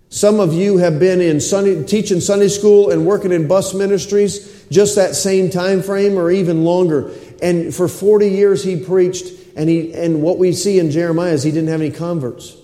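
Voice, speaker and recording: A man preaching a sermon with passion, repeating phrases and sinking to a low hush at times. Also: fairly even intonation, moderate pace. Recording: echoey hall with long reverb.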